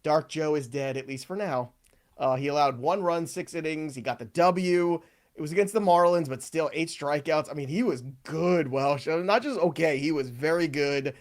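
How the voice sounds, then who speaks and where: A man's voice: fairly high pitch, normal speed. A man hosting a sports podcast in casual, upbeat chat, joking and plugging giveaways. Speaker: podcast host.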